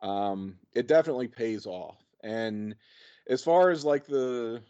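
A man's voice: mid-range voice, expressive, measured pace, dark tone, smooth. A man co-hosting a podcast, chatting casually about a movie, rambling with playful asides. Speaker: podcast co-host. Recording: dull lo-fi audio.

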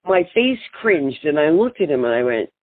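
Husky animated woman on a phone line. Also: deep voice, moderate pace, dry recording. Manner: animated, laughs often, acts out quotes. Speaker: interview guest, singer. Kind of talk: casual storytelling. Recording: tinny dry phone line.

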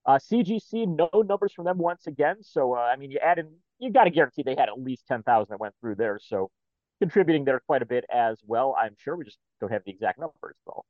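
A man co-hosting a podcast, calmly reading out numbers in casual chat. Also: mid-range voice, fast, no room sound, dull audio. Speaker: podcast co-host.

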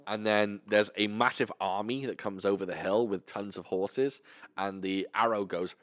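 A British man co-hosting a podcast, telling stories in a casual, animated, sweary way. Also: lowish voice, moderate pace, dry recording. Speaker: podcast co-host. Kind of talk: casual chat.

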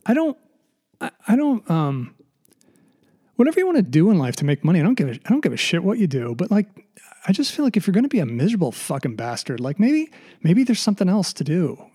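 Alone at the mic, this middle-aged podcaster talks fast in a high, sing-song voice that is mellow yet a bit rough. Nervous and sighing, he rambles with sarcasm, keeps starting over, and curses without restraint.

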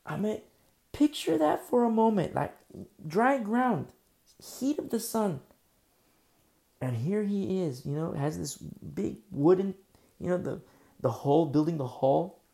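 A man's voice: high-pitched, animated, takes it slowly, gravelly, pauses often, dark tone. A man pastor preaching a sermon in a conversational storytelling way, with many fillers, who acts out the dialogue of Bible scenes.

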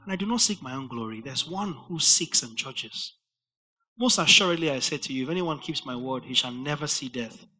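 A man preaching a verse-by-verse Bible study sermon, animated and rising to near-shouts for emphasis. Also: mid-range voice, a little fast.

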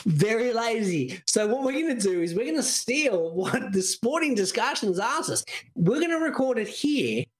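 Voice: medium pitch, very animated, normal speed. A podcast co-host making dry, laid-back quips in casual chat.

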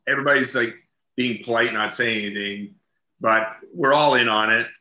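A man's voice: mid-range voice, moderate pace, sharp tone, reverberant. A man being interviewed as an actor, telling stories in casual chat and laughing as he talks. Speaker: actor guest.

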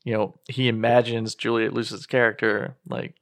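A man's voice: lowish voice, little pitch movement, moderate pace, a bit bright, dry recording. A man in casual podcast talk about a film, rambling through his points and acting out lines from the scenes. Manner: rambling, acts out quotes with a laugh. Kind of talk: casual movie discussion.

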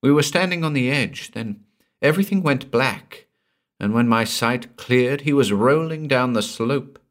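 A man's voice: mid-range voice, animated, a little slow, pitched above the performer's own voice, lightly acted. A man voicing a frightened young married woman who speaks in a strained, anxious voice.

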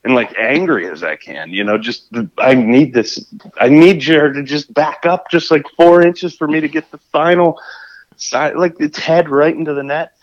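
A man telling a fishing story in a casual, animated way, often restarting his sentences. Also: fairly high pitch, moderate pace, muffled recording. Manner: animated, acts out his own shouts and scrambles with restarts.

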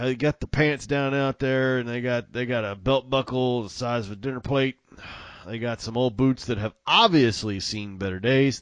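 Man, casual chat, relaxed, opinionated, dry sound. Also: fairly low pitch, no echo.

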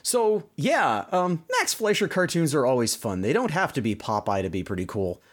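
A man from Canada chatting on a podcast, joking and rambling with lots of "you know." His pitch jumps around as he talks. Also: sing-song, moderate pace. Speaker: podcast co-host. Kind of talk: casual chat.

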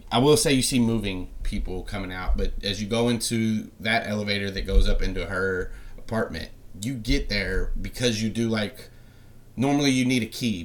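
A man narrating as game master of a tabletop game, rambling along with many fillers. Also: lowish voice.

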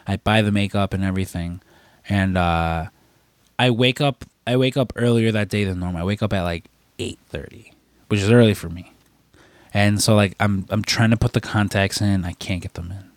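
A man's voice: lowish voice, a little fast, dry recording. A man co-hosting a podcast, telling a rambling story in casual chat and swearing freely. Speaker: podcast co-host.

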